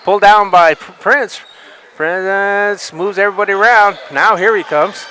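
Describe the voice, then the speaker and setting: A man's voice: sits high, unhurried, pushed and bright, slight background noise. A man commentating a basketball game on a webcast, describing each pass in a chatty way. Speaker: color commentator. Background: gym ambience, ball bouncing.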